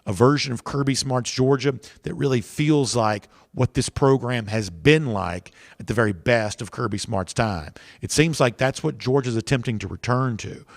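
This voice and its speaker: A man hosting a sports podcast, talking in a measured, analytical and emphatic way. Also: medium pitch, no room sound, clean studio sound. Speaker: podcast host.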